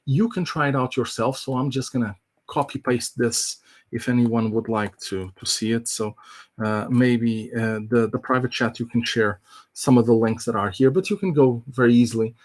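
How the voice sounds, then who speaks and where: A man's voice: medium pitch, fairly even intonation, moderate pace. Casual man walking through a tech demo. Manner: casual, filler-heavy explaining. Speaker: tech presenter. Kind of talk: live online tech demo.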